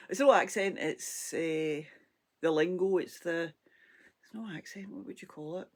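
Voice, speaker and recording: Hoarse, chatty Scottish woman. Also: lowish voice, measured pace. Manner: rambling, chatty, laughs often. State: hoarse, froggy throat. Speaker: crochet vlogger. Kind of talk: casual crafting chat.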